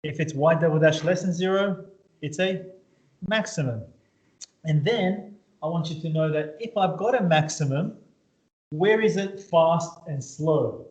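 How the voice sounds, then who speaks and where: A man's voice: a little high, a little slow, a little mellow. A man teaching a maths class in a casual way, often checking in with his students. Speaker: maths tutor. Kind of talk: classroom lesson. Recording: echoey room, dull lo-fi sound.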